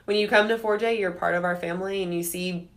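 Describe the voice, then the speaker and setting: A woman with a Texan accent speaks as a podcast guest. Her voice sits low for a woman, and she talks in an easygoing, soft-spoken manner. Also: fairly even intonation, quick pace. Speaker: brewery owner, guest. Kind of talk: casual chat.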